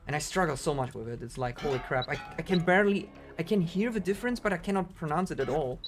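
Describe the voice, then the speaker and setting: A man's voice: a little high, expressive, quick pace, noisy background. A man with a German accent, chatting casually to his audience in a rambling way while he livestreams a game. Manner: rambling, chatty, frequent "like" fillers. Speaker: speedrunner streamer. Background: game music.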